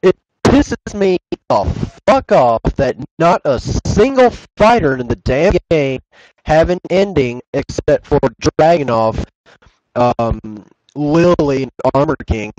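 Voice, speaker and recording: A man's voice: fairly high pitch, a little mellow, no echo, poor audio. A man ranting in a casual podcast chat, swearing a lot. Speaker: podcast co-host.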